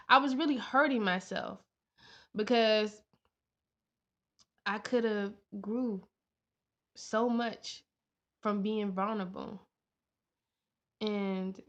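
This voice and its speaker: Speaking in a mid-range, fairly bright voice, a young woman shares an earnest, heartfelt vlog. She says things more than once for emphasis, and the sound is dull and lo-fi.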